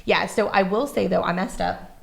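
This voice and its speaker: A woman's voice: medium pitch, fairly even intonation, moderate pace, vocal fry. A middle-aged woman co-hosting a podcast in casual chat, telling stories and laughing often. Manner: chatty, laughs often, storytelling. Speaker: podcast co-host.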